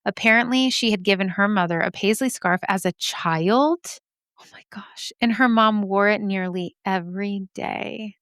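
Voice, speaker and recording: A woman's voice: mid-range voice, normal speed, few pauses, a bit bright, clean tone, no room sound, studio quality. A woman hosting a podcast, reading listener mail aloud and reacting in a chatty, emotional way, laughing often and swearing casually.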